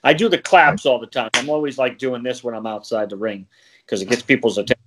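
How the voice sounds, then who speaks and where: A man's voice: medium pitch, fast, a bit bright. A man who works as a wrestling referee, chatting casually on a podcast, laughing often and rambling with plenty of fillers.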